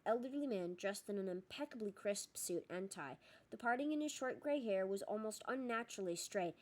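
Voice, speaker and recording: A woman narrating an audiobook in a steady storytelling manner. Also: medium pitch. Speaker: audiobook reader.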